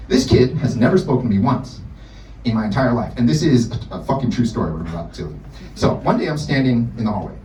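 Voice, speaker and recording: A young American man doing stand-up in a bar, with profane, animated storytelling. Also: mid-range voice, fast talker. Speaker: stand-up comedian. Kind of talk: stand-up set. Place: bar in front of a live audience. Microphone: distant room recording. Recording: echoey bar, distant mic, loud ambience.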